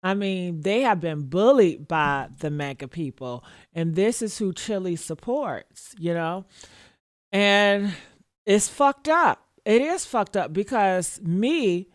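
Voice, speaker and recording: A woman's voice: mid-range voice, lively intonation, takes it slowly, no room sound, clean studio sound. A woman giving casual reaction commentary, sassy and mocking, laughing often and talking straight to her viewers.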